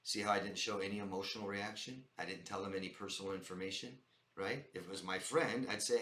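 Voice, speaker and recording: Fast and steady in tone, a fairly low-voiced man sounds bright and forceful against reverberant surroundings. He speaks to camera with emphatic life-coaching advice, calling viewers "guys" and restating his points repeatedly.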